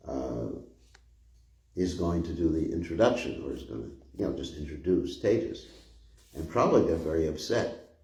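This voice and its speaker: Older man, low dark voice, echoey room. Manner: rambling and conversational, chuckling often. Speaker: spiritual teacher giving a class. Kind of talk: informal scripture class.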